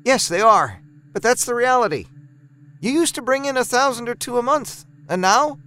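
A worried wife pressing hard about unpaid bills, voiced by a male narrator. She sounds anxious and reproachful, pitched well above his natural voice with a smooth, clean tone. It is a horror audiobook read by one storyteller. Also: lively intonation, normal speed, sharp tone, full character voice. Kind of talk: audiobook dialogue reading.

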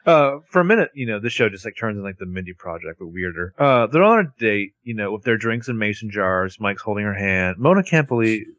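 Animated male podcast co-host. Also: fairly low pitch, brisk, few pauses, no echo, dull audio. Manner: animated, acts out characters' lines in a raised voice. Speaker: podcast co-host recapping a TV episode. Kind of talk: casual chat.

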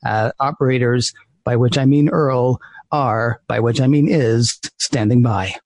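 A man's voice: medium pitch, fairly even intonation, unhurried, no echo. A man co-hosting a live podcast, jokey and upbeat like an announcer. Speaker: podcast co-host.

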